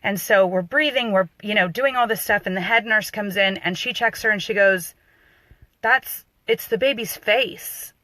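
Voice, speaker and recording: A woman working as a doula, telling a personal story in a loose, animated way with fillers and restarts. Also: medium pitch, brisk, few pauses, dry recording. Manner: animated, acts out quoted voices.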